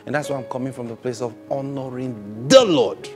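A man delivering a sermon at a middle pitch, firing rhetorical questions at his listeners and answering them himself. He repeats key phrases and acts out the voices of the people he describes, with faint music behind him. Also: a little fast. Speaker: preacher.

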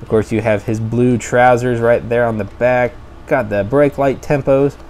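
A man's voice: medium pitch, fairly even intonation, moderate pace, darkish tone, slight background noise. Enthusiastic man reviewing toy cars. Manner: enthusiastic, chatty, thinks aloud. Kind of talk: casual toy review vlog.

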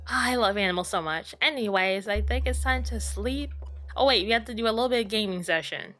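A woman's voice: medium pitch, fairly quick, fairly bright tone, soft background music. A young woman giving jumpy, chatty commentary while playing a horror game, talking to herself and laughing at the scares. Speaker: gaming YouTuber.

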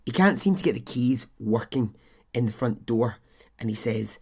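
A man's voice: medium pitch, expressive, moderate pace, breathy edge. A man hosting a podcast, telling a true-crime story in a chatty, blunt way, swearing and adding his own asides. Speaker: podcast host.

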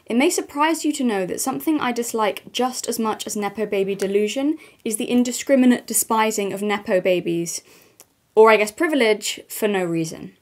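A woman giving chatty, opinionated commentary on her channel, with frequent ums. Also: medium pitch. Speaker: commentary vlogger. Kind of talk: casual commentary.

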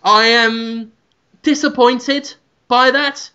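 Brief: high, brassy shouting chef-gladiator, abrasive and swearing, as a man puts him on; dull lo-fi audio. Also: fairly even intonation, extremely slow, clear, resonant tone, heavily acted. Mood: smug to camera. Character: brash shouting male celebrity chef gladiator.

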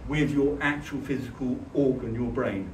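A man giving a conversational church talk, telling personal stories in an earnest, halting way with frequent restarts. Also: medium pitch, fairly even intonation. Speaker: church speaker. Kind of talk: conversational sermon with personal storytelling. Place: church hall. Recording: echoey hall, distant mic, faint hiss.

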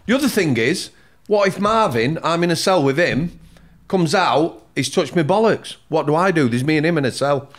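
A man's voice: a little high, lively intonation, normal speed. A man, a former prison officer, talking insistently and repeating himself to take the floor. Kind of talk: podcast conversation.

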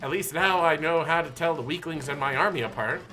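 A man's voice: a little high, a little fast, sharp tone, soft background music. A man doing a smug, mocking villain boss. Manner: mocking, pompous. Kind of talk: reading game dialogue aloud.

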